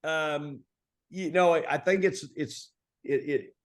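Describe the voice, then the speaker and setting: A man's voice: on the high side, slow pace. Folksy Southern-talking man coach. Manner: folksy, animated storytelling with Southern colloquialisms. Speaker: basketball coach. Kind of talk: conversational storytelling interview.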